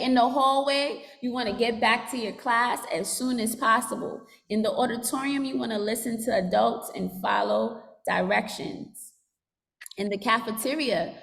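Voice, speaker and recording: A school social worker talking students through behavior expectations in a teacherly way, asking them to repeat phrases and write in journals. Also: female voice, on the high side, creaky, a bit bright, long reverb tail. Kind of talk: school assembly talk to students.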